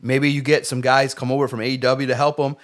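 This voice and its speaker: Excitable man talking wrestling. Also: mid-range voice, quick pace. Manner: animated, excitable, acts out quotes. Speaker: wrestling podcast co-host. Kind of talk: casual chat.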